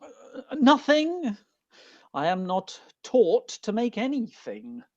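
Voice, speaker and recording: An aggrieved young gentleman, read by a woman, speaking old verse in slow, measured phrases. The pitch rises and falls widely as the lines unfold. It comes through a dull, lo-fi video call line. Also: wildly swooping pitch, heavily acted. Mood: defiant. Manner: earnest, declamatory verse speaking. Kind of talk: Shakespeare reading over video call. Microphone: video call mic.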